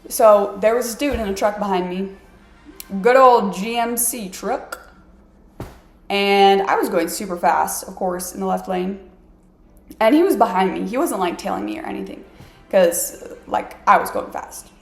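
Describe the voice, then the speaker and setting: Gravelly-voiced woman vlogging in an echoey room. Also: medium pitch, a little slow. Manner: chatty, self-mocking, heavy use of "like". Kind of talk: casual storytelling to camera. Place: her apartment.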